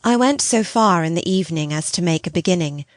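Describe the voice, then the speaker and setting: A woman narrating a gothic novel audiobook with an expressive, measured reading. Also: fairly low pitch, no echo, studio quality.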